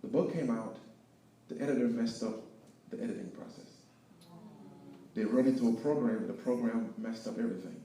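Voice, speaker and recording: A man telling his story of failure and faith as a speaker at an event, preaching with lively swings between loud and hushed. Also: medium pitch, normal speed, pauses often, a little hiss or hum. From Haiti. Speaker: guest speaker. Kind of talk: inspirational testimony talk. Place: event hall with live audience. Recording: echoey hall, picked up from far off.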